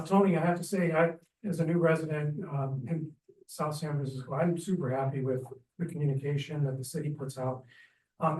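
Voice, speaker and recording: A man's voice: on the high side, a little mellow, far from the mic. A man speaking up as a resident at a community meeting, enthusiastic and rambling, with many fillers and restarts. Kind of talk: public comment at community meeting. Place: city meeting room. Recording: echoey meeting room, speaker off-mic.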